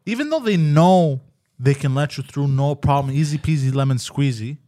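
A man's voice: fairly high pitch, normal speed, no echo, studio quality. A man co-hosting a podcast, chatting casually and swearing freely. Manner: relaxed, swears casually, reacts with short remarks. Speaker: podcast co-host. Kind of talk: casual chat.

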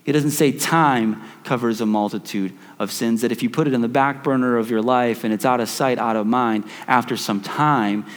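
Pastor guy preaching, mid pitch, says stuff twice for emphasis, long echo like a big church. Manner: repeats key phrases for emphasis, many restarts. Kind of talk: sermon. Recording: long reverb of a church hall.

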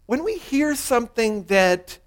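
Pastor, male, high voice, earnest sermon delivery that drives points home through repetition. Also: animated, unhurried. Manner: earnest, repeats key lines for emphasis.

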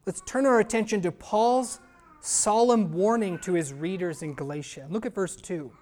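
A man's voice: high voice, moderate pace, darkish tone. A male pastor preaching a sermon with earnest emphasis, putting rhetorical questions to the congregation.

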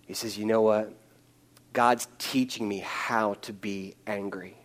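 A male pastor preaching a sermon into a microphone, moving from loud, pleading bursts to hushed, slow passages. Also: on the low side, fairly even intonation.

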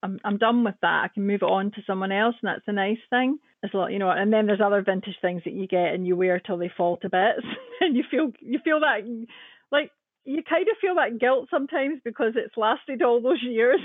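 A woman's voice: mid-range voice, normal speed, dry recording. A woman chatting casually as a guest, laughing often and acting out quotes. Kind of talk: casual chat. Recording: tinny phone-like line, dry.

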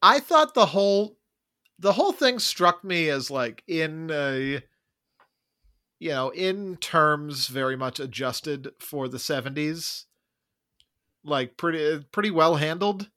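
A man talking through a film on a podcast, thoughtful and wry, often hedging. His voice is a little high. It has a bright, sharp tone. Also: animated, slow. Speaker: podcast co-host. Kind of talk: casual movie discussion.

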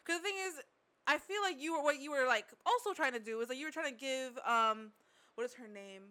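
Bright woman ranting on a podcast. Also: high voice, a little fast. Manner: animated, ranting, fillers. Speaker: podcast co-host. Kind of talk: casual chat.

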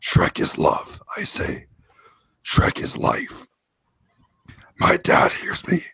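A man voicing a sinister cartoon villain in a deep, gravelly rasp, doing a comedic dramatic reading in a slow, menacing drawl. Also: sharp tone, no echo.

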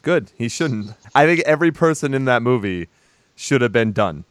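A man's voice: medium pitch, animated, moderate pace, no echo. A young man co-hosting a casual movie podcast, blunt, sarcastic and profane. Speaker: podcast co-host.

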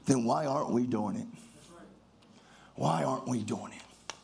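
A man's voice: medium pitch, measured pace, gravelly, a little mellow. A pastor preaching a fervent sermon, full of exclamations and leading his congregation in call-and-response.

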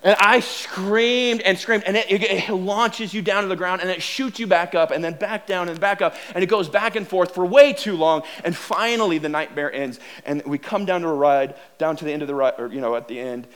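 A man telling a self-mocking personal story as a sermon, animated and full of restarts. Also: high voice, fairly quick, few pauses.

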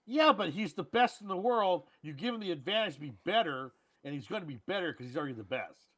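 Fast-talking and high-voiced, another man co-hosting a film podcast trades lighthearted banter about movies. He's playful and lively, frequently breaking into goofy fake accents.

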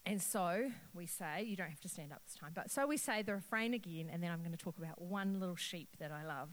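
A middle-aged woman preaching a lively sermon and talking directly to her congregation. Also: on the low side, fairly quick, few pauses, rough recording. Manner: animated, playful, talks directly to the crowd.

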